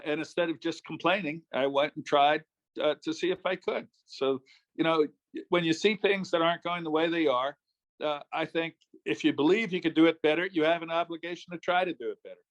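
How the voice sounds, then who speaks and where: An older man from New York State, a former politician, telling easygoing anecdotes as an interview guest. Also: a little high. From New York State, USA. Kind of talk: casual interview storytelling.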